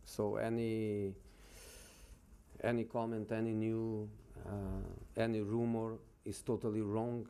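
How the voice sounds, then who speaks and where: A man answering questions as a football manager at a press conference, speaking haltingly and repeating words with many pauses. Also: lowish voice, level tone, mellow, smooth.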